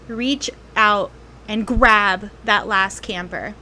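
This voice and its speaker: Unhurried woman game master. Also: fairly high pitch, fairly even intonation, pushed and bright, a little hiss or hum. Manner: unhurried storytelling with frequent ums and pauses. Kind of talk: narrating a tabletop role-playing game.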